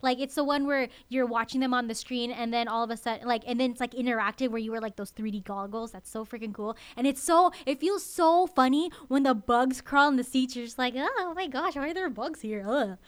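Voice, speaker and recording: A woman's voice: on the high side, fairly even intonation, a little fast, few pauses, smooth. A young woman hosting a college radio show, chatting eagerly and often tagging her points with "okay?". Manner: chatty and enthusiastic, asks okay? a lot. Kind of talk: casual radio chat.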